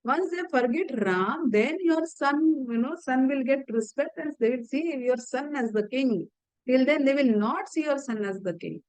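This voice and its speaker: A woman's voice: high voice, animated, moderate pace, no room sound, low-quality recording. Woman doing a scheming, persuasive servant woman. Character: scheming female servant whispering advice.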